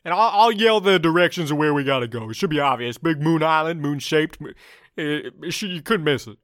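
A man voicing a big, wingless male dragon who is touchy and boastful, speaking loudly and proudly. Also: on the high side, expressive, fairly quick, no room sound, studio quality, voice pushed up. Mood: bossy. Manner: loud and proud, a bit defensive.

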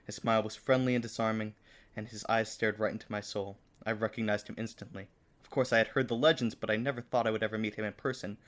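A man's voice: lowish voice, steady tone, quick pace, a bit bright. A man co-hosting a podcast, reading fan fiction aloud with theatrical flair and breaking into laughter. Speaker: podcast co-host.

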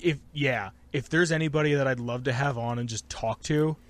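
A man's voice: mid-range voice, brisk. Rambling, foul-mouthed male podcast host. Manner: rambling, swears freely. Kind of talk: casual chat.

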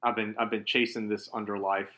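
A gruff, terse vigilante speaks in low, clipped lines, put on by a man retelling a comic. The tone stays bright and crisp. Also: little pitch movement, fairly quick, natural voice. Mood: curt.

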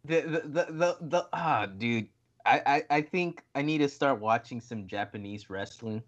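A man's voice: mid-range voice, lively intonation, moderate pace, muffled recording. A man co-hosting a wrestling podcast in casual chat, tipsy, swearing and rambling with lots of laughter. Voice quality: profane and rambling. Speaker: podcast co-host.

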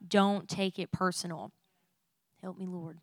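A woman's voice: on the low side, steady tone, a little slow, no room sound. A young adult woman sharing a personal faith testimony in an emotional, candid way, with frequent "like" fillers. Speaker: Christian speaker sharing a testimony.

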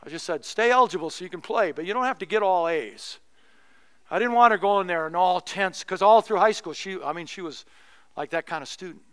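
High, bright-voiced middle-aged pastor. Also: male voice, fairly quick, clear, resonant tone. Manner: conversational storytelling with humor. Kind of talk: sermon.

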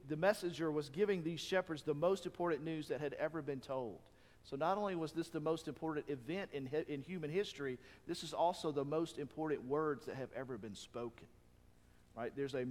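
A man preaching a sermon as a pastor, telling Bible stories with emphatic rises and hushed drops. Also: fairly high pitch, big-room sound.

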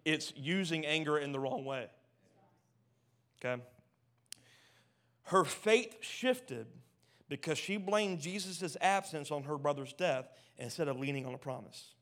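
A man with a high-set voice preaches with fervor, swinging between loud, emphatic bursts and quiet, low asides. He often stumbles and repeats words as he pushes his point. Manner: passionate, builds to loud emphatic peaks then drops low and soft. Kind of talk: sermon.

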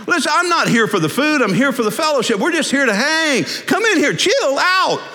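A man voicing a laid-back, folksy Jesus with a Texan accent, gently coaxing someone to relax, in a sermon story. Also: very high-pitched, sing-song, fairly quick, pitched above the performer's own voice, heavily acted. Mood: easygoing. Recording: echoey hall.

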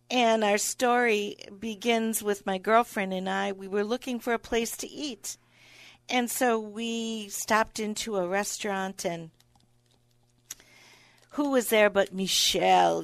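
A woman guest on a radio show telling a travel story with lively acted-out dialogue. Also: mid-range voice, gravelly, no room sound. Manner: animated storyteller acting out the people in her stories. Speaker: guest speaker. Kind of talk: casual storytelling in an interview.

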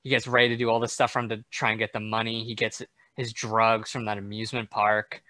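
A man's voice: fairly low pitch, flat delivery, brisk, sharp tone, no room sound. A young man in a casual chat about a film, explaining his view in a loose, thinking-aloud way. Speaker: film discussion co-host.

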